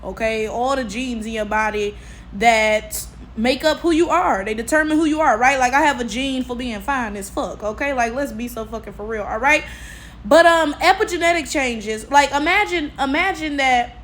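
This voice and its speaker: Animated high-voiced woman commentator. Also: slight background noise. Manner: animated, profane, lots of "okay?" and "right?" tags. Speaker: commentary vlogger. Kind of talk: reaction commentary.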